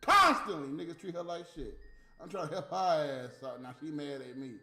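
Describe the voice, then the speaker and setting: A man's voice: fairly high pitch, brisk. Profane ranting man in an echoey room. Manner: profane, ranting, swings from mutters to loud outbursts. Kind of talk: casual rant to viewers. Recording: roomy echo, faint music behind.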